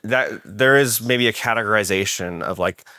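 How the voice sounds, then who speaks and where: A man's voice: on the low side, normal speed, sharp tone, no room sound, clean studio sound. A man hosting a podcast, talking casually in a rambling way with many restarts. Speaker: podcast host.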